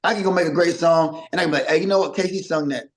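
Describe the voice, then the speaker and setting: A middle-aged man, a singer as interview guest, talking casually in a rambling, animated way with many restarts and acted-out quotes. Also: on the high side, racing, a little hiss or hum.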